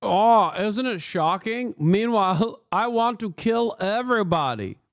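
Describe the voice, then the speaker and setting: A man's voice: sits high, lively intonation, unhurried. A man doing a sarcastic, sing-song mocking impression of a whiny tech billionaire while reacting to a clip.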